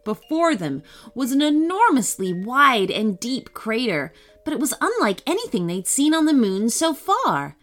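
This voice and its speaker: A woman narrates a children's adventure story in a scripted, gently animated way. Her pitch moves expressively, and soft music plays underneath. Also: unhurried, few pauses.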